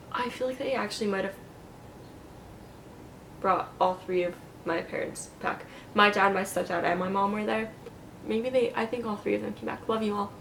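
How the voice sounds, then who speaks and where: A woman's voice: medium pitch, slight background noise. Chatty young woman telling a story. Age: young adult. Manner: chatty, lots of "like" and quoted asides, laughing often. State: recovering from neck surgery. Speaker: vlogger. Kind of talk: casual storytelling vlog.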